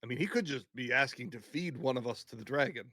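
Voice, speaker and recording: A man playing a tabletop game, asking lively questions. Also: mid-range voice, fast talker, dry recording. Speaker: player. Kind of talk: casual tabletop play.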